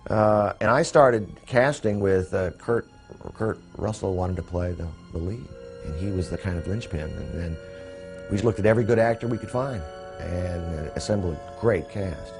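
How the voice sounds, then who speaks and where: A man in an interview recalling past decisions in a measured, thoughtful way with some hesitations. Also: low voice, over music. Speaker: interviewee recalling making a film. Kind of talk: reflective interview.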